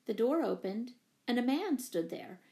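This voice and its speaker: A woman narrating a children's story in an even, expressive reading. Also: fairly high pitch, unhurried. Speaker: audiobook reader. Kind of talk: scripted narration.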